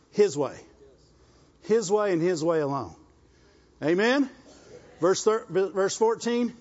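Rural Southern preacher, man, high voice, repeats himself and calls for amens, dull lo-fi recording. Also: a little mellow, slightly rough. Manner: exhorting, repetitive, asks the congregation "Amen?". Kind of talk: sermon.

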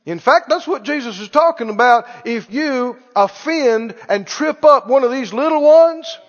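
A male preacher with a very high voice delivers an animated, emphatic sermon and repeats his key lines for stress. His voice rings with a long reverb in a church sanctuary. The recording sounds dull and lo-fi. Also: a little slow.

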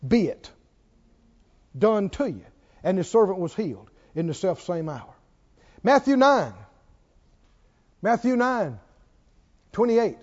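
A man's voice: high-pitched, very animated, takes it slowly, pauses often, a little mellow. A man preaching a sermon, emphatic, firing rhetorical questions at his listeners and drawing out key words for emphasis. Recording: reverberant, dull lo-fi church recording.

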